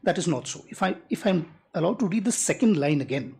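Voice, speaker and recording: An advocate, making a measured, deliberate legal argument in a courtroom and reading rules aloud slowly. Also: medium pitch, expressive, vocal fry, a little mellow, breathy edge. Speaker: advocate arguing before a judge.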